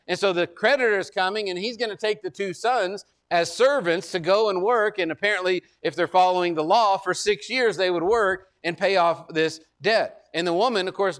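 A male pastor with a high, somewhat bright voice preaches a conversational sermon. He repeats words often and asks the congregation whether they remember.

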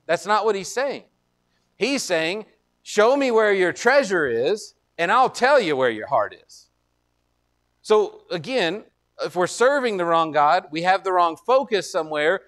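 A man preaching a sermon as pastor, conversational with joking asides, slowing down to stress scripture. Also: high-pitched, a bit bright.

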